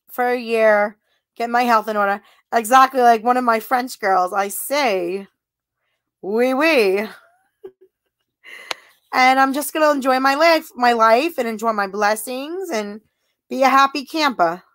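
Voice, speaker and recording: A woman talking at a slow, easy pace in a high voice, chatting casually with viewers on her livestream. She giggles often and sounds flattered as she answers their comments. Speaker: livestream host.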